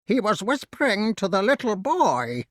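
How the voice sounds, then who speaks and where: A screeching, whining crow, pitched far above a normal voice. It sounds loud and shrill, and the recording is dry. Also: male voice, sing-song, moderate pace, no room sound. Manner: shrieking, whining. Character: shrill, tattling pet crow. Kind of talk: audiobook character voice.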